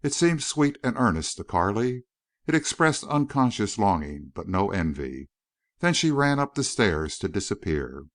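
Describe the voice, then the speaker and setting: Man reading a western audiobook, low voice, very animated, dry close sound. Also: normal speed, dry recording. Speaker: audiobook narrator. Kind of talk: scripted narration.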